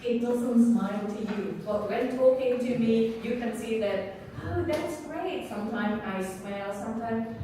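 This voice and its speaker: Slow high-voiced woman in an echoey hall. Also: distant mic, slight background noise. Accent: Indonesian. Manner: slow, expressive, acts out examples with swinging intonation. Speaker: lecturer. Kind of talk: live workshop presentation.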